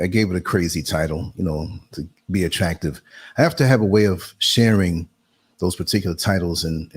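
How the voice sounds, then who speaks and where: A man with a fairly low, husky voice hosts a live stream. He talks casually and straight to his viewers and laughs easily. At times he slows down to read text aloud. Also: low-quality recording. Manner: reads text aloud slowly. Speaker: host of a live online talk show.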